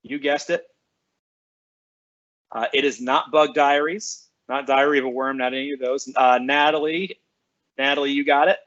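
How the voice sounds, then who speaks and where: A man's voice: mid-range voice, fairly even intonation, moderate pace, long pauses, fairly bright tone, muffled recording. A man who works as a school librarian, chatting casually on a live stream with students. He reads out their names and comments and answers them cheerfully.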